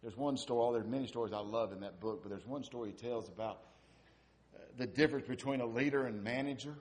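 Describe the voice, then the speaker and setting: A man's voice: medium pitch, quick pace, darkish tone. A man preaching a sermon, asking repeated rhetorical questions and building to emphatic peaks.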